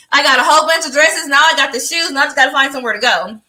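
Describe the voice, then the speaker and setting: A woman with a high, bright voice tells a story. She is animated, laughs often and acts out the lines of the people in her story. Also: fast talker. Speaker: podcast co-host. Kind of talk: casual chat, storytelling.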